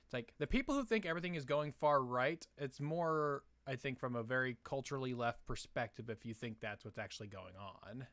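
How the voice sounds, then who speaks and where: A man's voice: mid-range voice, brisk, hardly any pauses, fairly bright tone, no echo. A young man hosting a casual live stream Q&A, answering chat questions in a hesitant way with many fillers and restarts.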